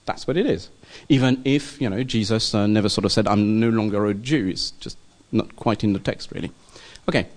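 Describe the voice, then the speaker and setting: A man teaching a church study class in a loose, informal lecture, pausing often with ums and asking "okay?" to check in with the group. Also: lowish voice. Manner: hesitant, many ums and checking okays.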